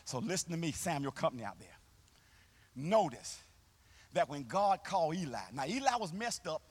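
A man pastor preaching a sermon live in a church, with a call-and-response, sing-song delivery that swells into shouts, and folksy, colloquial phrasing. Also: on the high side, sing-song, normal speed, husky. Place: church sanctuary, live service.

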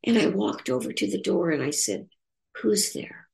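An older woman tells a personal story with an earnest, reflective tone. Her voice is gravelly with a touch of vocal fry. She often pauses and restarts, and her pitch rises and falls in a lively way. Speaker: author in recovery sharing her story.

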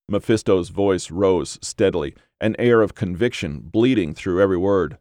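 A man narrating an audiobook story in a measured storytelling manner. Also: sits low, darkish tone, no echo, studio quality.

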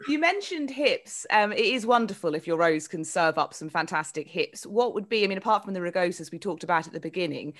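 A woman co-hosting a casual gardening chat over a video call, cheerful and quick to laugh. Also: fairly low pitch, animated. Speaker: co-host.

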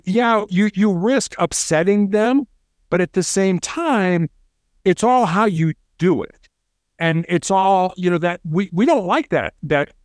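Man, former hostage negotiator, quick talker, doubled-up restarts, somewhat high voice, dry close sound. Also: no echo. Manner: fast-talking, repeats words on restarts. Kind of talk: casual interview storytelling.

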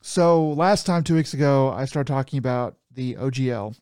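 A man's voice: mid-range voice, normal speed, a little mellow, smooth, no room sound, studio quality. A man co-hosting a podcast over a call, chatting casually, laughing often and getting worked up. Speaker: podcast co-host. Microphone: remote call mic.

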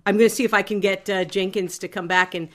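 A woman playing a tabletop game, speaking hesitantly as she describes her turn. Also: medium pitch. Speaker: player.

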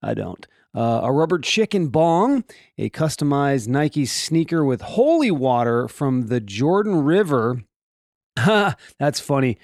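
A man's voice: medium pitch, very animated, a little slow, a little mellow, no room sound, clean studio sound. A man hosting a show, reading offbeat news stories in a comedic way and breaking off for joking asides and rhetorical questions. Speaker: host.

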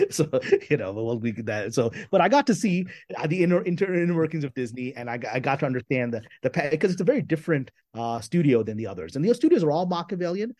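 A man being interviewed as a screenwriter guest, talking in an animated, emphatic way with quick restarts. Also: on the high side, dry recording, studio quality. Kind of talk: conversational interview.

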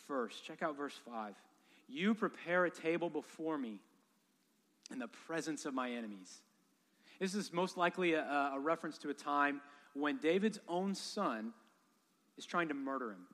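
Man in his thirties, pastor, animated humorous sermon, slightly high voice, long hall echo.

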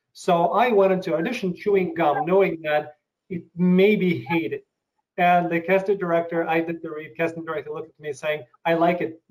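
Hesitant man, slightly high voice. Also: low-quality recording. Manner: thoughtful, hesitant, with many uhs. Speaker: interviewer and actor. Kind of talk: casual interview.

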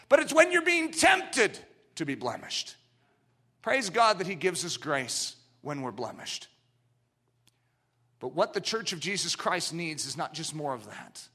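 A middle-aged man preaching a sermon, swinging from loud declarations down to hushed, low passages.

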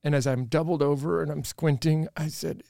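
A man's voice: on the high side, fairly even intonation, normal speed, creaky, warm tone, no room sound, clean studio sound. A man from Texas hosting a casual interview, joking and teasing his guest. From Texas, United States. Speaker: podcast host. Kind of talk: casual chat.

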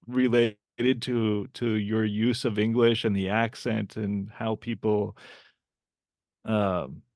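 A man hosting a podcast interview, asking hesitant, gentle questions. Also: on the low side, level tone, takes it slowly, no echo, clean studio sound. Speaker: podcast host. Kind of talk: casual interview.

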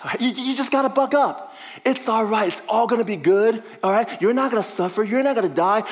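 A man's voice: high-pitched, in a large hall, pitched above the performer's own voice. A man doing an overeager, coaxing disciple. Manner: coaxing, reassuring, breezy. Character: pleading, overeager male disciple.

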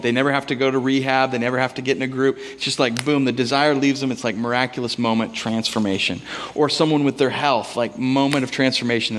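A man preaching a sermon in a relaxed, conversational way, telling stories and asking the congregation for amens. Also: medium pitch. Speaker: pastor. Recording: long hall reverb.

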